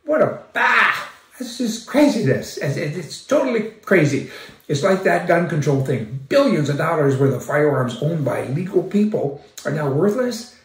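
A man's voice: fairly high pitch, very animated, moderate pace, darkish tone, distant mic. A man delivering a sarcastic, mocking opinion monologue, often laughing as he talks. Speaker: commentary host. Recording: echoey room, voice from off-mic.

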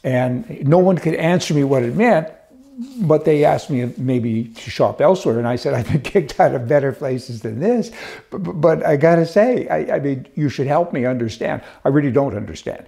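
A man's voice: medium pitch, moderate pace, vocal fry, warm tone. An older man hosting a talk show, rambling through folksy jokes and stories in a casual way, with frequent restarts. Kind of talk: casual joke-telling and commentary.

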